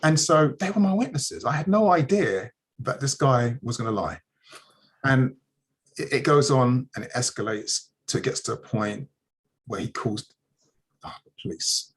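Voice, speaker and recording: A man's voice: medium pitch, expressive, moderate pace, breathy edge. A man hosting a community news livestream, chatting casually and telling stories with plenty of fillers and restarts. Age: adult, married.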